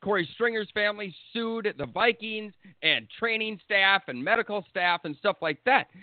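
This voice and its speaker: A man's voice: high-pitched, dry recording. A man hosting a sports talk show, ranting bluntly and heatedly, with plenty of swearing. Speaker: sports podcast host. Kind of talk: opinionated sports talk rant. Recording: tinny phone-like lo-fi, dry.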